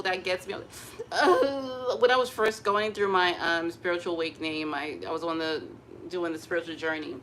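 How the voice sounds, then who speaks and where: A woman chatting casually to camera at home, expressive and open about her feelings. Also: medium pitch, slight background noise. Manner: chatty and emotionally expressive, breaks into gospel singing. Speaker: vlogger.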